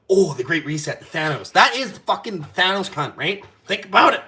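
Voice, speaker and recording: Brief: male stream host, high, bright voice, profane, heated, rambling rant. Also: very animated, normal speed, hardly any pauses. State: drinking. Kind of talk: casual live-stream rant.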